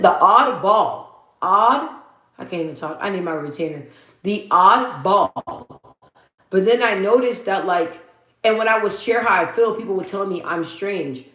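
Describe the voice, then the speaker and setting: Woman host rambling to her livestream chat, open and blunt, curses a lot, mid pitch, roomy echo. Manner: candid and rambling, swears freely. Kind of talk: casual livestream chat, reading viewer comments.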